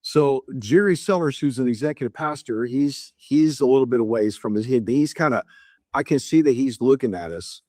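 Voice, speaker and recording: A middle-aged man spins a dramatic story as a podcast guest, slipping in and out of quoted dialogue with changes in tone. His voice sits at an ordinary pitch for a man and comes across dry and close to the mic. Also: moderate pace, no echo. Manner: animated retelling, acts out dialogue with shifts in tone. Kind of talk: storytelling in a casual interview.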